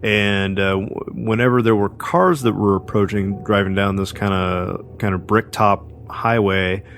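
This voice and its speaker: A man's voice: on the low side, steady tone, a little slow, fairly bright tone, faint music behind. A man co-hosting a podcast, telling a story casually with lots of fillers and restarts. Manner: rambling, many fillers and restarts. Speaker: podcast co-host.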